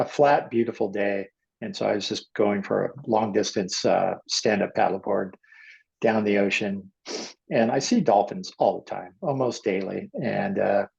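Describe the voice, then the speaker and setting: Gravelly middle-aged man, low and husky. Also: darkish tone. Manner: halting, acts out quoted voices. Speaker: guest artist. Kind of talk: emotional personal storytelling. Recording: dull lo-fi audio.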